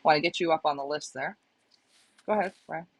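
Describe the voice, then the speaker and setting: A woman's voice: low voice, fairly quick, no echo, rough recording. A woman hosting a live stream, chatting casually and hedging as she answers viewer messages. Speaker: live-stream host reading viewer comments.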